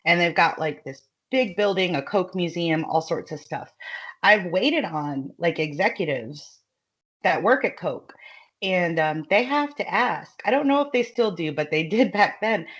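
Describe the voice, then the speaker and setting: A woman with a light Southern American accent talks in a loose, chatty way, laughing often and leaning on fillers. Her voice sits a little low. The recording is dull and lo-fi. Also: expressive, normal speed. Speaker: guest author. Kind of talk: casual podcast chat.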